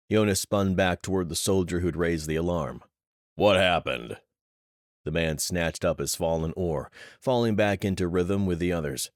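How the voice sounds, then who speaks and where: A man narrating a thriller audiobook in steady, measured storytelling. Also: sits low, no echo, studio quality.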